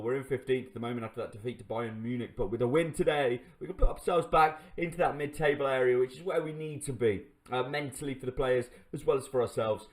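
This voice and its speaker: A man hosting a gaming channel, commentating his own game live to viewers, swinging between excitement and exasperation. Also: medium pitch.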